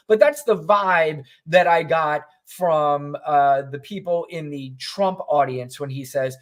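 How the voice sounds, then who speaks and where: A man's voice: on the high side, unhurried, few pauses. Man, podcast co-host, casual political commentary, rambling, wry, profane.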